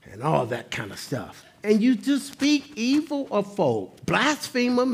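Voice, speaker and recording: A man preaching a sermon in an animated, conversational style, mixing humor with quiet asides. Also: high voice, a little hiss or hum. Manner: lively, swings between loud exclamations and quiet asides. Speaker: pastor.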